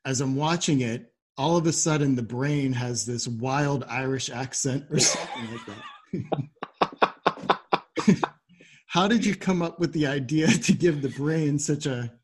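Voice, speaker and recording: A man hosting a podcast interview, easygoing and quick to laugh as he asks questions. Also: mid-range voice, darkish tone, breathy edge. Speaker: podcast host. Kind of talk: casual interview.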